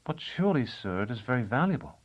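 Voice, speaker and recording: A man's voice: mid-range voice, big pitch swings, fast, lo-fi sound, voice pushed up, natural voice. A man doing an eager, deferential young executioner. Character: young exiled male executioner, earnest and deferential.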